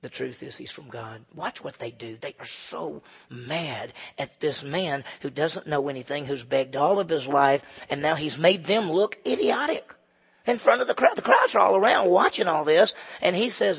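A male pastor preaching a sermon in a fervent way, swinging between hushed asides and loud emphasis. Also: fairly high pitch, lively intonation, moderate pace, creaky, slightly rough, long reverb tail.

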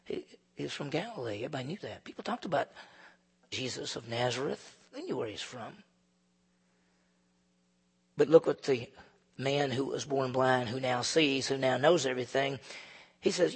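Male pastor preaching, gravelly husky voice, goes hushed then loud, long echo in the hall. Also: medium pitch, normal speed. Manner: fervent, swings between hushed and loud emphasis. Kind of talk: sermon.

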